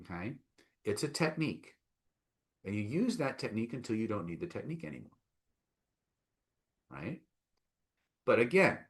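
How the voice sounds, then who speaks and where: A man teaching a live online self-help session, coaxing and emphatic, often checking in with "right?" and "okay?". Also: medium pitch. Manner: coaxing, repeats "right?" and "okay?", reads out chat replies.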